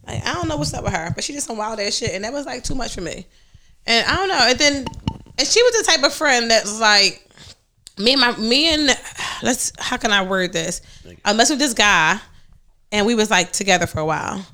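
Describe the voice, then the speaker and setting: A young adult woman hosting a podcast, telling a story in casual chat, animated and full of profanity. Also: on the high side, brisk. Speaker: podcast host.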